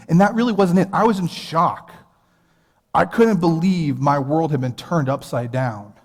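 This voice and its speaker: Preaching in a church sanctuary, this American man in his thirties speaks briskly and expressively, his voice on the high side. He's a pastor telling a personal story with earnest, conversational warmth, and long hall reverb fills the recording.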